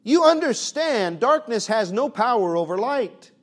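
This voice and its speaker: A man preaching a sermon with emphatic rhetorical questions, swinging from booming lines to hushed ones, with a folksy turn of phrase. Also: very animated, a little slow.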